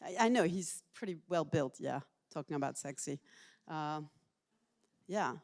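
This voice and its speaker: Middle-aged woman giving an animated lecture. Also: sits low, unhurried. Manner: animated and personal, asks the audience questions. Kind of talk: public university lecture. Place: lecture hall with a student audience.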